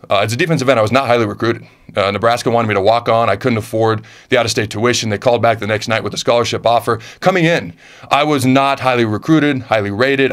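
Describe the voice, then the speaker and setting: Ex-player man, 30s, casual Q&A, punchy emphatic delivery with repeated phrases. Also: mid-range voice. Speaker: former football player answering fan questions. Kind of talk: casual chat reading viewer questions.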